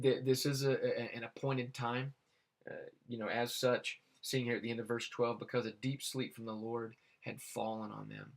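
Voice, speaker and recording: A man reading Bible verses aloud and explaining them in a halting way, with many fillers and restarts. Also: medium pitch. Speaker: Bible teacher.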